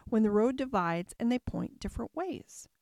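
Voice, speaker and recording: Chatty curious little girl musing out loud, a woman doing her, dry close sound. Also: a little high, normal speed, vocal fry, no room sound. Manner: musing aloud to herself, lively and wondering. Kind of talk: storybook reading.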